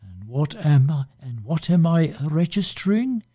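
A man reading the lines of a weary, sharp-tongued wife in an audiobook, with a flat, tired delivery. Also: on the high side, unhurried, slightly rough, heavily acted.

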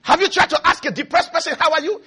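A man preaching a sermon as pastor, often shouting and calling on the congregation to answer. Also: very high-pitched, fast.

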